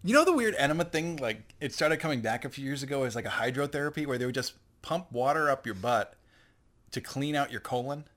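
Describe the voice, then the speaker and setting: A man co-hosting a casual chat, skeptical and quick to laugh. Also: mid-range voice, lively intonation, fairly bright tone. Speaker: podcast co-host.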